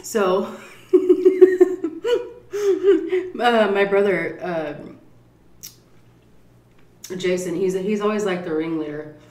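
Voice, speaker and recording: A woman vlogger telling a profane, animated story while eating at a table. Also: lowish voice, very slow, long pauses, reverberant. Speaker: mukbang vlogger.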